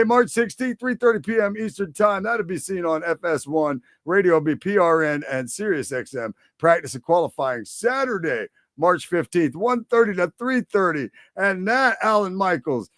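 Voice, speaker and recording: A male co-host of a racing radio show reading a long race schedule, with loud bursts and quick asides. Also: a little high, dry recording, clean studio sound.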